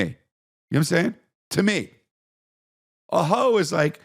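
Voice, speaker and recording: A man hosting a podcast, telling crude, animated comedic stories and riffing with lots of profanity. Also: medium pitch, moderate pace, creaky, pauses often. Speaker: podcast host. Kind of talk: comedic storytelling monologue.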